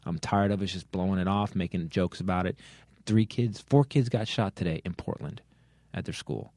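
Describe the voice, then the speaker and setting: In a low, darkish voice at normal speed, captured in a dry recording, a middle-aged comedy podcast host chats and rants. He swears heavily and keeps restarting as he goes off earnestly and angrily.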